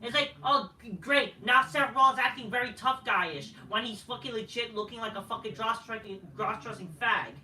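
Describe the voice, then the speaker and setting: A man's voice: very high voice, moderate pace, few pauses, bright, forceful tone, slight background noise. A man reviewing a wrestling show in a heated, mocking, profanity-filled rant. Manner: heated, swears constantly, mocking. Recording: roomy and distant from the mic.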